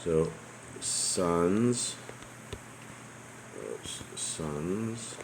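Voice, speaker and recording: A man proofreading along with a reader, asking quick questions and cracking jokes. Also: deep voice, lively intonation, creaky, noisy background. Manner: joking, quick to ask questions and check details. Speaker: proofreader checking text. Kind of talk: casual chat while proofreading.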